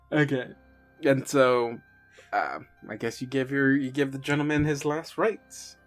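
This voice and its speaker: A man acting as game master, narrating a tabletop game in a relaxed, halting way with many fillers. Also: mid-range voice, faint music behind.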